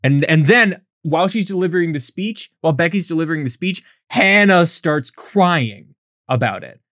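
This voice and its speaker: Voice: mid-range voice, moderate pace, dry recording. A podcast host telling a bad movie's story with sarcasm and plenty of swearing. The voice sits mid-range and is recorded close and dry, with no room sound. The delivery is loose, chatty and full of disdain. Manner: sarcastic, profane, lively storytelling. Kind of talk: casual chat recapping a bad movie.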